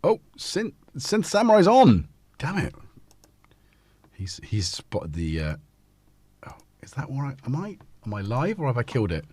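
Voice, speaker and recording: A man's voice: medium pitch, huge pitch swings, measured pace, long pauses, darkish tone, slightly rough, dry recording. A man with a northern English accent hosting a casual live stream, rambling, chatty and self-deprecating as he talks. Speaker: host.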